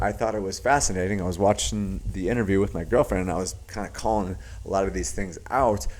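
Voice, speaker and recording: A young man with a fairly low voice talks through his take in a relaxed, reflective way, leaning on filler words. He hosts his own podcast and now and then slips into playing out what other people said. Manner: reflective, heavy use of filler words, acts out quoted voices. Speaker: podcast host and business commentator. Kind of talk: casual commentary to camera.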